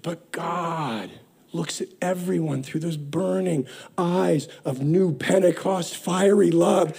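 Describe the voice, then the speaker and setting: Man, middle-aged, preacher, high voice, gravelly, impassioned sermon, hushed to emphatic. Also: slow pace. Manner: impassioned, rising and falling between hushed and emphatic.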